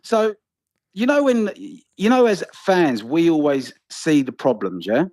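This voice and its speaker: A man calling in by phone, excited, quick and sweary about the match. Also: a little high, no room sound. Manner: buzzing, rapid, sweary. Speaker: phone-in fan caller. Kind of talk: excited football chat. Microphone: phone call.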